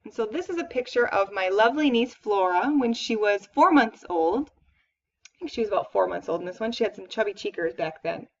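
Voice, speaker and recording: A woman's voice: medium pitch, expressive, a little fast. A woman professor giving a lecture, explaining in a conversational way with occasional fillers. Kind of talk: recorded lecture. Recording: dull, distant lecture recording.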